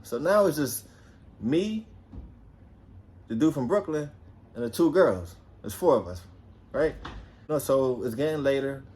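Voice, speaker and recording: A young man from New Jersey telling a personal story in a casual, animated way, swearing freely and acting out quotes in a raised voice. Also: mid-range voice, unhurried, pauses often.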